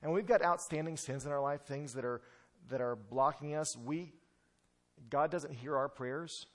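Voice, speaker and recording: Male pastor, slightly high pitch, emphatic sermon delivery with restarts. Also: normal speed. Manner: emphatic, repeats words when restarting.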